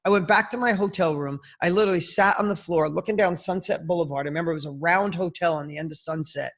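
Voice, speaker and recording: Man, high voice, casual storytelling, animated, emphatic, interview guest. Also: quick pace.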